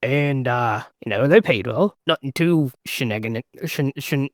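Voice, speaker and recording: A man's voice: mid-range voice, unhurried, no room sound, clean studio sound. A man playing a tabletop game who jokes around in a playful way. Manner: joking, playful. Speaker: player. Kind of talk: casual tabletop play.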